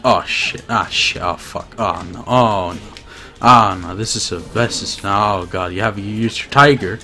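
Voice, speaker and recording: A man streaming himself playing a fighting game, chatting casually, swearing and laughing, with bursts of excited shouting. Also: lowish voice, measured pace, faint music behind. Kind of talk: casual gameplay commentary.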